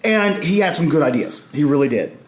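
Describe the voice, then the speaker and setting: Animated man telling a story. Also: on the high side, a little fast. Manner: animated, acts out quoted voices. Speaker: podcast guest. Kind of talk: casual storytelling. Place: convention hall. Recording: echoey convention hall.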